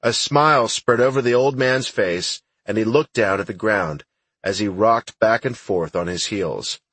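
A man reads an audiobook in a steady, first-person storytelling style. His voice is low and husky, and the recording sounds dry and close to the mic. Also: unhurried, no room sound. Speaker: audiobook narrator. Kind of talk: audiobook narration.

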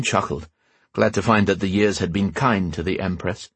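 A man giving expressive scripted narration of a fantasy audiobook. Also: low-pitched, moderate pace, slightly rough, no echo.

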